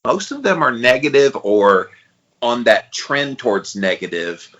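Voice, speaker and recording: A man in his forties co-hosting a podcast, thinking out loud and steering the chat with questions. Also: mid-range voice, sing-song, unhurried, muffled recording. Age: 40s. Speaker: podcast co-host.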